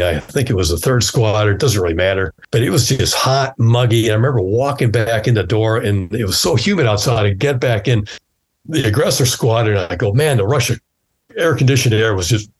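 A man in his sixties tells old flying stories in a loose, conversational way. His voice is low and a bit husky. He jumps into the voices of the people in his tales. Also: fairly quick. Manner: animated storyteller who acts out quoted dialogue. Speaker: guest, former fighter pilot. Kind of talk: casual storytelling interview.

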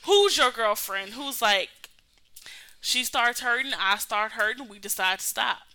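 A woman's voice: fairly high pitch, moderate pace, pushed and bright, low-quality recording. A young woman co-hosting a podcast, chatting casually with lots of laughter and teasing. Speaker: podcast co-host. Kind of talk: casual chat.

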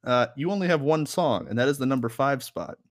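A man's voice: mid-range voice, animated, brisk, no echo. Young man, podcast co-host, casual rambling chat, laughs often, dry recording.

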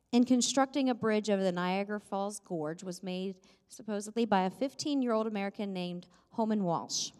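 A woman preaching a sermon in a church, conversational and self-deprecating with light humor. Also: medium pitch. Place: church sanctuary. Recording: long reverb of a church hall.

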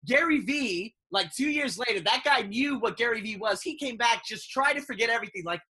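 A podcast host in casual chat, expressive and swinging between loud and soft. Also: mid-range voice, a little fast, husky.

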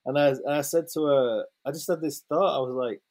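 A young adult man, telling a story in casual conversation as an interview guest, lively and swearing freely, with many fillers and restarts. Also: medium pitch, fairly quick.

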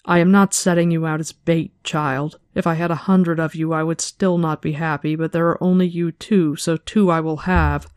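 Brief: reader voicing a serene, commanding woman leader, calm and even, close to the reader's own voice, dry sound. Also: mid-range voice, normal speed, few pauses, clear, resonant tone, dry recording, lightly acted. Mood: firm. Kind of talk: reading a novel aloud.

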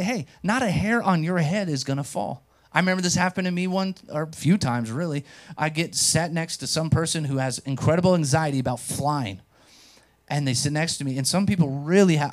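A pastor preaching a sermon, telling stories with animation and speaking directly to the congregation. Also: male voice, fairly high pitch. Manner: animated storytelling, acts out quotes. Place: church.

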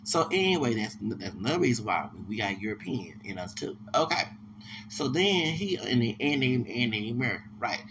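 A man with a gravelly, creaky voice tells stories on his podcast, rambling and emphatic, often restarting mid-phrase. His pitch sits in an ordinary middle range. Steady background noise runs under the recording. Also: moderate pace. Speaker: podcast host. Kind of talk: casual monologue storytelling.

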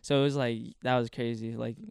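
A man's voice: medium pitch, little pitch movement, fairly quick, a little mellow, smooth, dry recording. A young man recounting a story in loose, slangy chat that leans heavily on fillers. His voice is very clean and resonant. The sound is close and dry, with no room around it. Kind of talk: casual chat.

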